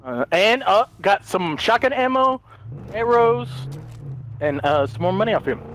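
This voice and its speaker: A young man with an unusually high voice calls out his co-op game in excited bursts. His pitch swings widely as he shouts and laughs through the chaos. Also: unhurried, faint music behind. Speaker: gamer playing co-op. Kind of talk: excited gameplay banter.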